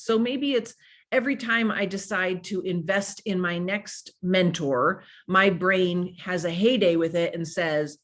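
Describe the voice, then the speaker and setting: Energetic and playful, a woman with a medium-pitched voice gives an animated motivational talk. She coaches her listeners directly.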